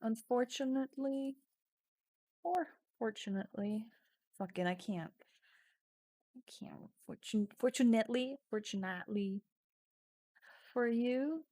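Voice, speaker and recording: A woman's voice: fairly high pitch, measured pace, pauses often, mellow, no echo. A woman streaming a text adventure game, reading the story aloud with casual swearing and sudden drops into whispers.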